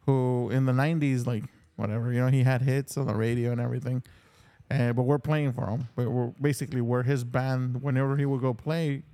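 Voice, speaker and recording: A middle-aged man co-hosting a casual podcast chat, telling a lively story and laughing often. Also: mid-range voice. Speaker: podcast co-host.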